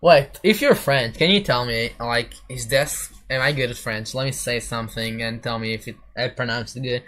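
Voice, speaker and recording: A man's voice: mid-range voice, normal speed, a bit bright, a little hiss or hum. A man streaming casually while building a game level, rambling and chatting back to his viewers. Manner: rambling, answering chat, mangling French phrases.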